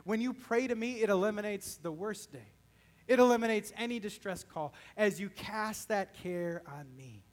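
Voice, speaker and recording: A man's voice: very high-pitched, lively intonation, moderate pace, a bit bright. A man, a pastor, preaching a sermon and speaking directly to his congregation with frequent questions.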